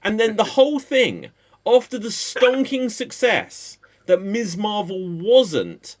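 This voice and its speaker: A man talking pop culture on a panel show, his voice sitting high and jumping all over the place. He rambles from point to point with a mocking edge, loose and animated. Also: slow. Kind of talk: casual pop-culture chat.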